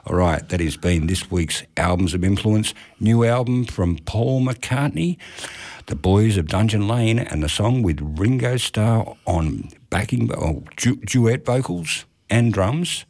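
A man's voice: fairly low pitch, animated, slow, darkish tone. A man hosting a radio music show, chatting casually and jokingly with plenty of "mate" and "no worries.". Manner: laid-back, jokey, drops in "mate" and "no worries". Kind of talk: casual chat.

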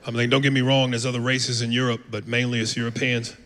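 A man's voice: medium pitch, level tone, fast, a crowd in the background. A man from the United States doing a brash, profane stand-up set on a comedy club stage. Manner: brash, profane, jumps into loud impressions. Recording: live club with reverb and room noise.

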